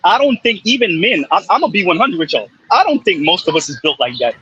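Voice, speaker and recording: A man's voice: high-pitched, big pitch swings, fast talker, crowd noise. A man hosting a casual panel discussion over a call, talking emphatically and repeating himself when he cuts in. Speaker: host. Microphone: remote call microphone. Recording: muffled lo-fi call audio.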